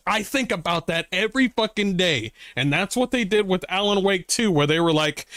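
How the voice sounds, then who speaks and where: A man ranting into his mic in a voice pitched a little high, quick to swear and to slip into mocking voices. The sound is dry and close, with no room around it. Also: no room sound. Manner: excitable, swears often, mocks with voices. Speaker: streamer. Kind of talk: profane reaction commentary.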